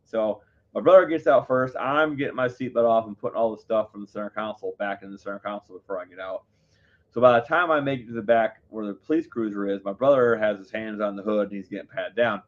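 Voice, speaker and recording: A man's voice: fairly low pitch, fast. A man hosting a live show, telling viewers a story in a heated, profane, rambling way. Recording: dull lo-fi audio.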